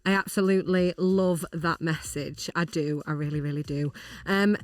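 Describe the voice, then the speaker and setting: A woman's voice: low-pitched, steady tone, moderate pace. Bubbly woman radio host. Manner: bubbly, enthusiastic. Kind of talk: casual radio chat. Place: radio studio.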